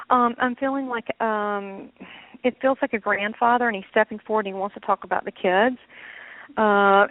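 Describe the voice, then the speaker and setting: A woman's voice: fairly high pitch, no room sound. A woman psychic medium giving a casual call-in reading, rambling and searching for words with many fillers and restarts. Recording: tinny phone line.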